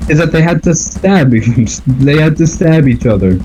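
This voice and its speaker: A man's voice: fairly high pitch, lively intonation, moderate pace, dark tone, slight background noise, low-quality recording. A man casually talking through a movie plot with a friend, loose and rambling. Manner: loose, rambling, with fillers and laughs. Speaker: movie reviewer. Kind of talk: casual movie recap chat.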